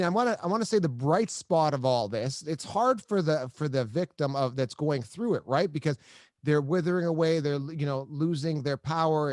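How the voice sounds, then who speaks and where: A male podcast host telling a personal story in a halting, emphatic way, often repeating himself. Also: on the high side, darkish tone, no room sound. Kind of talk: emotional interview storytelling.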